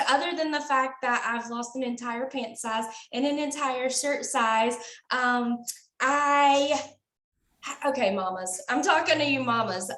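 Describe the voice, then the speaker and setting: Woman, high voice, friendly and jokey, talking to viewers from an echoey room. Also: a bit bright. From Tennessee, USA. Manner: chatty and joking, talks straight to the audience. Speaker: guest speaker. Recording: roomy echoey sound.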